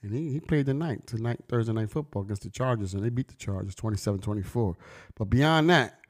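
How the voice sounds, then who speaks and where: A man's voice: fairly low pitch, lively intonation, quick pace. A middle-aged man vlogging in casual, slangy street talk, telling stories emphatically and preaching to his listeners. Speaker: vlogger and brand owner.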